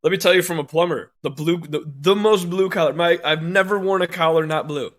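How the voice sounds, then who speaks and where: A man's voice: fairly high pitch, brisk, a bit bright. A man in his thirties co-hosting a podcast, ranting angrily with constant swearing and bursts of laughter. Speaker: podcast co-host. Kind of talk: profane rant on a podcast.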